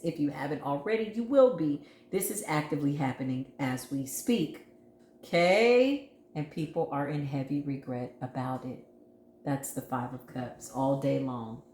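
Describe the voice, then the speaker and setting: A woman's voice: low-pitched, reverberant, slight background noise. A woman giving a tarot reading to her viewers, talking emphatically and expressively and addressing them directly. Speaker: tarot reader.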